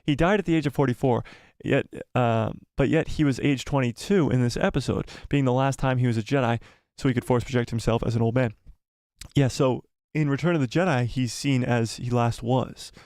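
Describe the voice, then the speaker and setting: A man's voice: mid-range voice, a little fast, a little mellow, no room sound. Guy live streaming, all hyped and breathless, keeps repeating stuff, dry close sound. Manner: breathless, swearing, repeating himself. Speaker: host of a live watch party stream. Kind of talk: excited live-stream chat, reading viewer comments.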